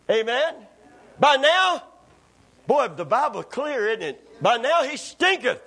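A preacher with an unusually high, bright voice delivers a sermon in a church. He calls out to the congregation for amens and builds from calm storytelling to fervent shouting. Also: takes it slowly. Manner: preaching with call-and-response, rising to shouts. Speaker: pastor. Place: church sanctuary.

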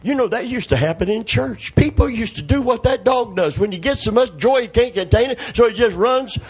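A middle-aged man preaching a sermon, calling out to the congregation and breaking into loud shouts as he tells stories. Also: very high voice, lively intonation, brisk, slightly rough. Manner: call-and-response preaching, calls for amen, storytelling, sudden shouts.

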